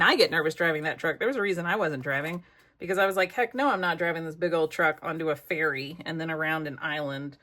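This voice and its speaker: Chatty American woman, low voice. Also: sharp tone. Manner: chatty, rambling, muttering asides to herself. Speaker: crafting vlogger. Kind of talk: casual storytelling while crafting.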